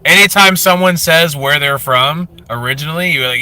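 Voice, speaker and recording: A man in his thirties from Florida, hosting a casual fitness livestream, reading chat aloud and telling stories with animated jokes. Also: fairly high pitch, normal speed, hardly any pauses, no room sound. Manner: animated joking storyteller, reads chat aloud. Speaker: fitness livestream host, former drill sergeant.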